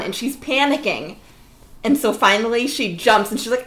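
With a slightly high voice at a moderate pace, a young woman in her twenties acts out the people in a comic story she's sharing in casual chat. Her delivery is animated, and the room gives the audio a noticeable echo.

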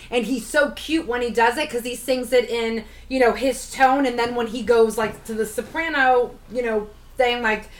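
Thirties woman co-host, bright voice, gushing and animated, laughs easily; casual chat. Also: medium pitch. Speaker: podcast co-host.

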